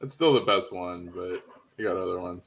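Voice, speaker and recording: A man's voice: low voice, normal speed, fairly bright tone, muffled recording. A man hosting a casual reaction video, amused and chatty as he comments on clips.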